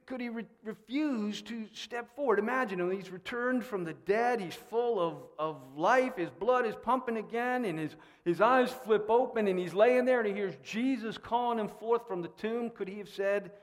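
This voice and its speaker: Brief: high-pitched male pastor, animated and questioning, with long church reverb. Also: normal speed. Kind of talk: sermon. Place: church sanctuary.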